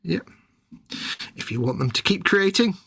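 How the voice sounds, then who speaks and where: A man's voice: high voice, sing-song, a little slow, gravelly, a bit bright, a little hiss or hum. A man co-hosting a casual live stream chat, teasing and jokey, wandering off on silly tangents. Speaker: co-host.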